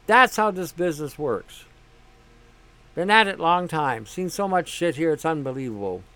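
A man hosts a casual monologue in a high, smooth, clear voice. He talks bluntly, swears freely and leans on sarcasm. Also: lively intonation, moderate pace, a bit bright. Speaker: host.

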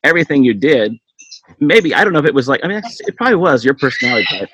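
A man hosting an interview, talking haltingly and repeating words as he gathers his thoughts. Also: fairly high pitch, big pitch swings. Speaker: podcast host. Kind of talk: casual interview chat. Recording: dull lo-fi audio with faint noise.

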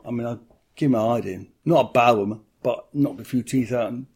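Man, middle-aged, interviewee, blunt storyteller, swears freely, middle-pitched voice. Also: fairly quick, darkish tone, husky.

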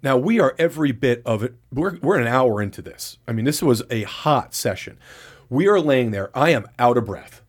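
A man's voice: mid-range voice, lively intonation, normal speed. A man co-hosting a podcast, telling a candid blow-by-blow story in casual chat, with lots of profanity. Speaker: podcast co-host.

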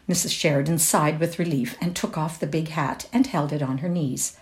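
A woman reading a classic short story aloud in a measured, expressive way. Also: low voice. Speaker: reader.

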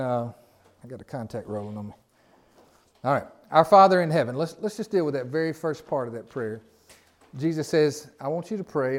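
A man's voice: medium pitch, a little mellow. A man with a Southern US accent preaching a sermon as pastor, in a folksy, conversational way with repeated phrases and asides.

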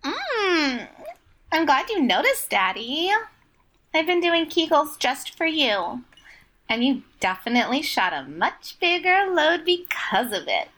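Man doing a cooing falsetto girlfriend. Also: sing-song, a little slow, bright, forceful tone, heavily acted. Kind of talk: comedy skit acting.

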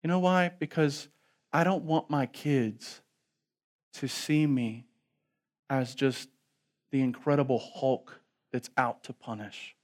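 A man who is a pastor preaching a sermon, moving between soft pleading passages and loud, emphatic calls to the congregation. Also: medium pitch, takes it slowly, pauses often. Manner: asks the congregation to respond aloud.

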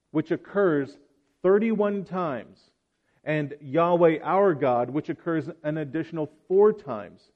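Man preaching, slightly higher voice. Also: phone-quality sound. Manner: relaxed, conversational, joking aside. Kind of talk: sermon with scripture reading.

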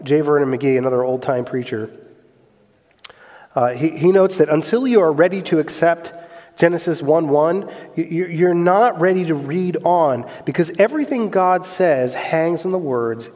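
A man with a high voice preaches in a church sanctuary, leaning hard on rhetorical questions and repetition. His delivery swings from loud, emphatic bursts to hushed lines. A long reverb trails every phrase. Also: normal speed. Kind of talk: sermon.

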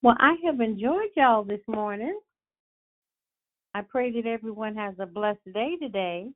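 A woman from California hosting a morning prayer call, affirming others and softly repeating phrases. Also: a little high, expressive, unhurried. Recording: phone-line call audio.

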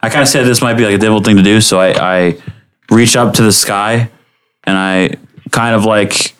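A man's voice: fairly low pitch, fairly even intonation, brisk, smooth. A man playing a tabletop game, methodically asking about the scene and describing his character's actions. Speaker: player. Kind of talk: casual play at a tabletop game.

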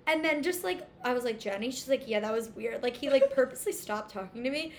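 A woman's voice: fairly high pitch, quick pace, a little hiss or hum. A young woman animatedly telling a story in casual chat, acting out the dialogue. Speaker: storyteller guest.

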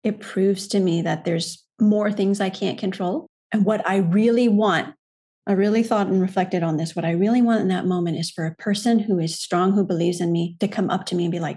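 Woman, podcast guest coach, husky voice, measured, earnest. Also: medium pitch, steady tone, warm tone. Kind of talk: reflective podcast conversation.

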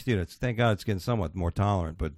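A man's voice: low-pitched, racing, darkish tone, no room sound. A man hosting a podcast, chatting casually and reading out odd news stories in a crude, swearing, laughing way. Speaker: podcast host.

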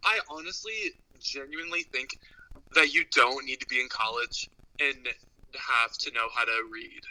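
A man's voice: mid-range voice, moderate pace, bright, forceful tone. A man guesting on a casual podcast, reacting with laid-back jokes. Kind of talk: casual chat. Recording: lo-fi podcast audio.

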